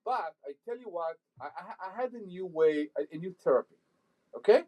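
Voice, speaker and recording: A man co-hosting a radio talk show, joking and teasing in casual banter with halting phrasing. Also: high-pitched, lively intonation, highs cut off.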